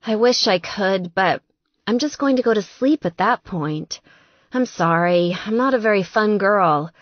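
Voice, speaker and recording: A woman's voice: medium pitch, animated, unhurried, dry recording, lo-fi sound. A woman narrator voicing a busy young woman with a light, cheerful voice, kind but apologetic.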